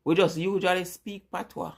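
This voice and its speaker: A woman's voice: lowish voice, fairly even intonation, normal speed, creaky. A middle-aged Jamaican woman with a strong Jamaican accent, chatting casually and rambling as she answers viewers in a live vlog. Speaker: vlogger.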